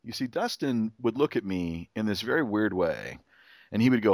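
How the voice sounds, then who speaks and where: A man's voice: lowish voice, very animated, fairly quick, a little mellow, dry recording, studio quality. A middle-aged man, a podcast host, telling a rambling story in casual chat, restarting sentences and acting out his son's voice.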